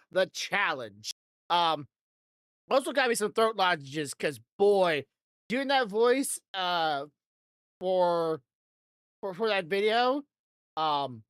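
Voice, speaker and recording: A woman's voice: on the high side, fairly bright tone, clear, resonant tone, dry recording, clean studio sound. A woman hosting a podcast in loose, rambling casual chat, swearing freely and laughing often into a desk microphone. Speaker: podcast host.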